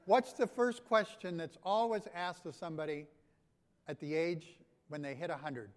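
A man's voice: fairly high pitch, moderate pace. A pastor giving a conversational sermon, asking his congregation questions. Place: church sanctuary. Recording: long hall reverb.

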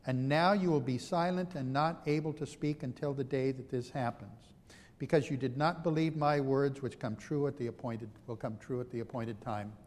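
A man's voice: medium pitch, fairly even intonation, moderate pace, a little mellow, big-room sound, lightly acted. A preacher voicing a stern male angel who speaks in firm, declarative pronouncements.

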